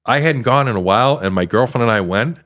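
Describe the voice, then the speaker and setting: A man's voice: medium pitch, animated, quick pace, a bit bright. A man in his sixties with a Chicago accent, a comedian telling rambling anecdotes as a podcast guest. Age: 60s. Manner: rambling anecdotes with hesitant fillers. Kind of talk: casual storytelling chat.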